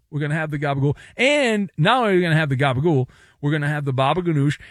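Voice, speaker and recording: A man's voice: no room sound, studio quality. A man hosting a sports talk radio show, riffing with sarcastic, playful commentary and jokes. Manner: lively, sarcastic, animated swings in pitch.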